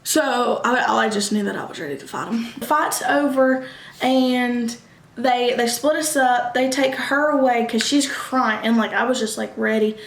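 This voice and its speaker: A young woman, telling a casual storytime vlog, animated and quick, acting out what others said. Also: on the high side, gravelly. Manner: animated, quick bursts, acts out quoted voices. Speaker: vlogger. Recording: echoey room.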